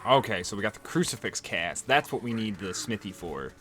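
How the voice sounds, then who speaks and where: A man's voice: on the low side, animated, fairly quick, a bit bright. A man casually commenting while he plays a video game, joking and swearing at the characters. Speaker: let's play host. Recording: game music playing behind.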